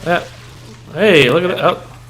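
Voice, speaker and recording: Male gamer, slightly high voice, laid-back and cursing, faint game music. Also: a little slow, a bit bright. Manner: casual, swears at the game. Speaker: co-host playing the game. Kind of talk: casual gameplay chat.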